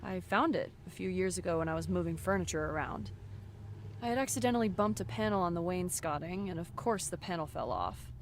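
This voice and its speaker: A sarcastic, teasing young woman in a game, her pitch bouncing all over the place as she jokes. A soft hiss sits behind her voice. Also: animated, brisk. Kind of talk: game voice acting.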